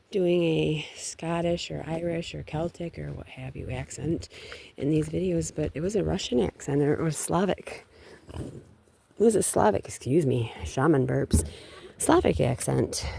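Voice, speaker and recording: A woman's voice: low voice, creaky, warm tone. A middle-aged woman chatting casually in a rambling way about spiritual matters, with many restarts. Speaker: vlogger.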